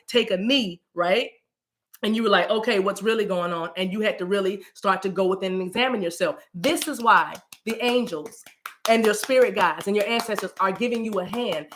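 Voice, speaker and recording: A middle-aged woman giving a live-streamed spiritual reading, rambling and colloquial, often saying y'all and "you know what I mean". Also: mid-range voice. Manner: animated, breaks into voices and asides. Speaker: psychic reader.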